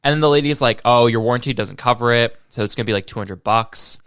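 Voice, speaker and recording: A man's voice: medium pitch, fast, fairly bright tone, clean tone, dry recording, clean studio sound. Swearing young man telling a rant. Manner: swears a lot, tells stories with quoted voices. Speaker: podcast co-host. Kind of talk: casual chat.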